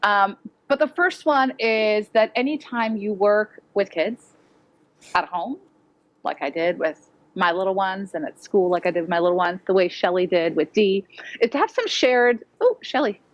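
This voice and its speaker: Clear-spoken woman presenting at a conference. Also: mid-range voice, lively intonation, moderate pace, lo-fi sound. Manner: direct, practical, acts out quoted voices. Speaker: educator presenting. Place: conference hall with audience.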